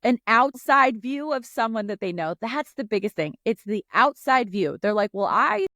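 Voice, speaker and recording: A woman's voice: a little high, animated, normal speed, bright, forceful tone, no echo, clean studio sound. A woman co-hosting a casual podcast chat, explaining her views in a thoughtful way with some restarts. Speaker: podcast co-host.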